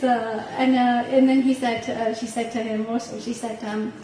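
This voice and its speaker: Middle-aged woman on a panel, kinda high voice, telling a heartfelt story, really echoey hall, mic far off. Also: fairly even intonation, normal speed, crowd noise. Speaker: parent on a panel. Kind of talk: personal story at a panel talk. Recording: echoey room heard from far off.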